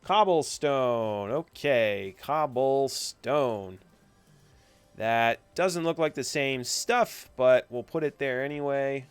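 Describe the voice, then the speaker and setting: A young man walks through a screen-recorded software lesson, narrating every click in a chatty, self-amused way. His voice is smooth and resonant, recorded close and dry at a computer desk. Faint music plays underneath. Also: medium pitch, slow, no echo. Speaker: coding instructor. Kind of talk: screen-recorded tutorial walkthrough.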